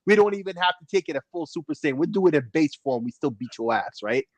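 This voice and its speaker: A man co-hosting a casual gaming podcast in a high voice, animated and making his points with lots of "yo" and "right?". His voice sounds dry and close to the mic. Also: fast talker, no echo. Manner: animated, peppering talk with "yo" and "right?". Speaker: podcast co-host.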